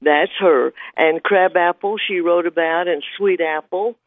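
An older man speaks gently, pausing and hesitating as he reminisces. His voice sits a little high, and it comes over a narrow, tinny phone line with no room sound. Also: no room sound. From Georgia. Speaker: caller.

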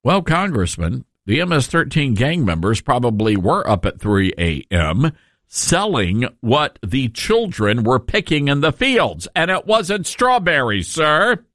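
A man's voice: medium pitch, sing-song, measured pace, a bit bright, no room sound, clean studio sound. A male radio host giving a sarcastic, emphatic talk radio monologue, with frequent asides to his listeners.

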